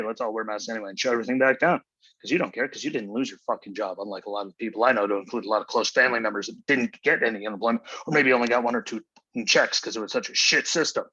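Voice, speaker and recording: A man's voice: medium pitch, sharp tone, slightly rough, no echo, dull audio. A man hosting his own show, delivering an angry, profane, exasperated solo rant. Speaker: podcast host.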